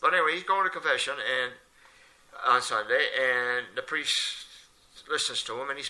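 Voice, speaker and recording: An older man spins a casual anecdote with a very bright, forceful edge to his voice. He jumps into lively voices for the people he quotes, and his pitch sits at an ordinary middle level. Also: normal speed, low-quality recording. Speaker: local storyteller.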